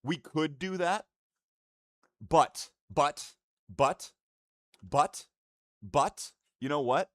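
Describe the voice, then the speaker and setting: A man's voice: on the high side, extremely slow, long pauses, fairly bright tone, no room sound, clean studio sound. A man streaming live and chatting casually with his viewers in profane, rambling, mock-indignant banter.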